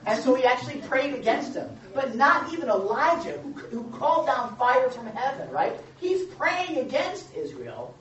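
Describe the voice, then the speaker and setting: Animated preacher in a roomy hall. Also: male voice, very high-pitched, normal speed. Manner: animated, joking asides, acts out quotes. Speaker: pastor. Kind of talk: sermon. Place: church or meeting room with a live audience. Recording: roomy, distant, dull sound with faint noise.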